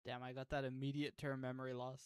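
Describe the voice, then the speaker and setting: A man's voice: medium pitch, level tone, fast talker, clear, resonant tone, no echo, studio quality. A man chatting casually on stream, joking and mocking himself. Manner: joking, self-mocking banter. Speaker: VTuber in stream clips.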